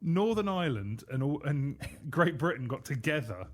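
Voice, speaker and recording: A man's voice: a little high, big pitch swings, normal speed. A man co-hosting a radio show, chatting casually and making dry jokey asides. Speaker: radio co-host.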